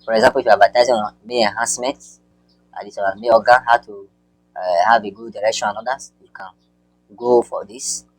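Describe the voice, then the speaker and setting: In an online marketing tutorial shown on screen, a man with a fairly low, steady voice talks haltingly, repeating words and filling gaps with fillers. There's no room sound, though the audio quality is poor.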